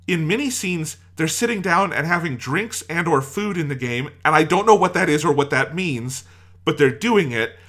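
During a casual review chat, this podcast co-host vents his exasperation about a show through a string of rhetorical questions. His voice runs on the high side, expressive and a bit bright, at a normal speed.

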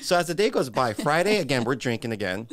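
A man telling a story in casual chat, animated and laughing often. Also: mid-range voice, fast, dry recording, studio quality.

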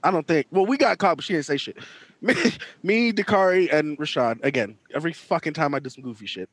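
A man's voice: a little high, a little fast, breathy edge. A young man co-hosting a podcast, telling stories in casual chat and acting out the people in them. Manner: animated, acts out quotes with big swings in voice. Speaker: podcast co-host.

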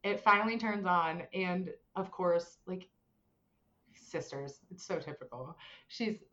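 A woman's voice: on the low side, takes it slowly. Young philly woman telling a story, lots of likes, acts out the quotes, kinda dull muffled audio. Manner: animated, many fillers, acts out voices in quotes. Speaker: guest telling a personal story. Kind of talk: casual storytelling.

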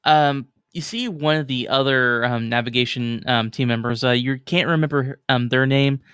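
A man's voice: mid-range voice, moderate pace, a bit bright, clear, resonant tone, dry recording, clean studio sound. A man narrating as game master in a casual, filler-heavy way.

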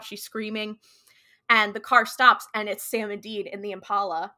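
Bright-voiced chatty woman podcast host. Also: medium pitch. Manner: chatty, slangy retelling full of "like". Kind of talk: casual episode recap.

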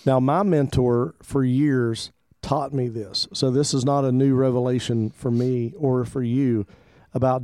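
A man's voice: mid-range voice, warm tone, no room sound, studio quality. A pastor co-hosting a Christian radio talk show, speaking in an easygoing, rambling way and often repeating words while he thinks. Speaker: pastor and co-host.

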